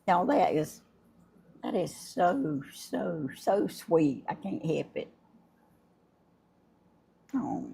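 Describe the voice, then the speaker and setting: An older woman, hosting a casual livestream and chatting warmly and effusively with her viewers, laughing often. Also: low voice, big pitch swings, drawn-out words, creaky, long pauses, breathy edge. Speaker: livestream host. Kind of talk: casual live chat unboxing gifts.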